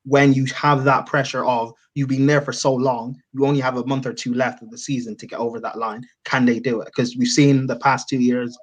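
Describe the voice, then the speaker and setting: Guy in a football chat, mid-pitch voice, calm and measured, laying out his points. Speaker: football pundit.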